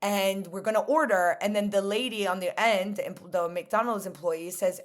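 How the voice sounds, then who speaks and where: A woman's voice: mid-range voice, moderate pace. Blunt New woman telling stories. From New York. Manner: animated storytelling, blunt and frank. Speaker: podcast guest. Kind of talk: casual conversation.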